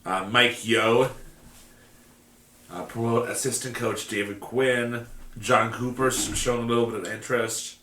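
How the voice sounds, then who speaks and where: A man's voice: mid-range voice, fairly even intonation, unhurried, sharp tone, reverberant. A man co-hosting a casual hockey podcast, reading off names loosely with many hesitations and the odd swear. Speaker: podcast co-host.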